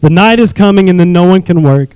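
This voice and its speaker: A man preaching as a youth pastor, reading scripture with animated asides and calling on the congregation to repeat phrases. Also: sits high, fast talker, smooth, no echo, rough recording.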